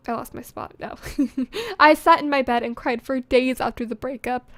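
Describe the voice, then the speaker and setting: High-voiced teen girl, dry close mic. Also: moderate pace, dry recording. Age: teenager. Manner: self-mocking, giggly, drifting to quiet mutters. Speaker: vlogger. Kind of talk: casual reading aloud with asides. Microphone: studio condenser microphone.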